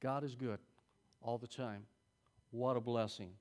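A middle-aged man teaching a Sunday school class, preaching in a folksy, conversational way with sudden loud peaks. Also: medium pitch, steady tone, a little slow. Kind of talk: sermon.

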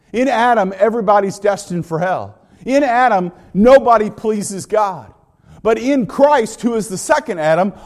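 A high-voiced man preaches a sermon as pastor, emphatic, building his points through repeated phrases. His voice trails off into a long reverb tail.

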